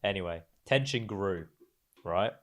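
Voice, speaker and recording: A man's voice: low-pitched, animated, unhurried, crowd noise. A man co-hosting a chat show, telling workplace stories with slang and teasing his co-host. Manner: chatty, uses slang, teasing. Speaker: podcast co-host. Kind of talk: casual chat, storytelling.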